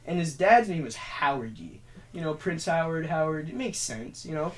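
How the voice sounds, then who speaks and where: A young man chatting as a podcast guest, telling stories in an animated, profane way. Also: fairly high pitch, moderate pace. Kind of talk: casual chat.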